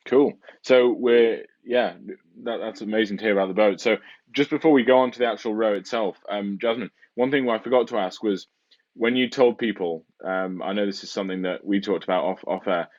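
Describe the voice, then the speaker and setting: A man's voice: on the low side, dull audio. A man hosting a podcast interview, asking long questions with many ums and restarts. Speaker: podcast host. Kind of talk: casual interview talk.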